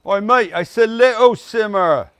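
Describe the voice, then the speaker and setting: A man's voice: high-pitched, measured pace, a bit bright, smooth, no echo, voice pushed up. A man doing a put-on East London accent as a blunt, swearing Cockney who scolds the cooking pot. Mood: scolding. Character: brash Cockney man barking at a stove. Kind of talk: comic impression while cooking.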